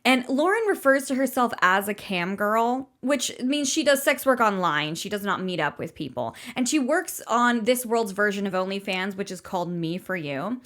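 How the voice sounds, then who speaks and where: A woman co-hosts a casual book podcast. Her voice rises and falls a lot. She chimes in with jokes and quick agreement and adds her own stretches of plot recap. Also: mid-range voice, lively intonation, a bit bright. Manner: agreeable, joking, laughs along. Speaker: podcast co-host.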